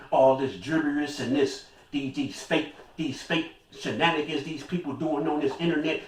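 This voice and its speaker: A man's voice: mid-range voice, recorded from a distance. An older man talking to his viewers in a casual monologue, emphatic and repeating his phrases. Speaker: vlogger. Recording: echoey room, voice off mic.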